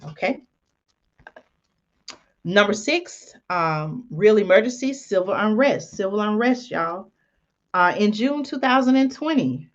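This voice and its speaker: A woman's voice: on the low side, dull audio. A woman host reading from an article and adding folksy comments, with many ums and "y'all". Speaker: channel host.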